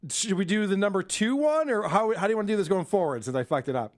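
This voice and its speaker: A man hosts a relaxed podcast game night and laughs easily. He keeps a casual, easygoing tone. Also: high voice, fast. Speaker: podcast host.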